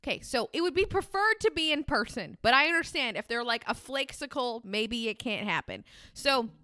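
A young woman talks straight to listeners in a casual podcast monologue, candid and blunt, swearing without a second thought. Her voice sits a little high. The sound is dry and close, with no room around it. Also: lively intonation, normal speed, bright, forceful tone, no echo. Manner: candid, swears casually, acts out sample dialogue. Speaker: podcast host.

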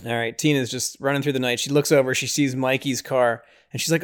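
A man's voice: a little fast, few pauses, smooth. A young man hosting a podcast, casually recapping a horror film with lots of fillers and briefly acting out the characters' lines. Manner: excitable, lots of fillers, acts out lines in high voices. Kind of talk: casual movie recap chat.

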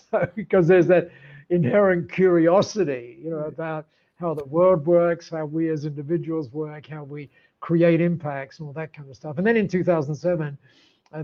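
An older man, a podcast guest, telling stories in an animated way with many restarts and laughs. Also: fairly high pitch, lo-fi sound. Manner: animated, warm storyteller with frequent restarts and laughs. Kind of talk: storytelling in an interview.

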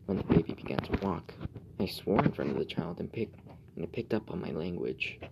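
A man reading a first-person horror story in a slow, hushed way that often drops to a whisper. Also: sits low, gravelly, heavy background noise. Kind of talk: scripted horror narration.

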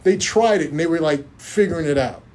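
Animated man in casual movie talk. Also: on the high side, a little fast, slight background noise. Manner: animated, laughs often, repeats words. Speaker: podcast co-host.

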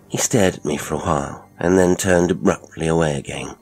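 A man narrating a horror story in a measured, low storytelling manner. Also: steady tone, gravelly, breathy edge. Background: faint music.

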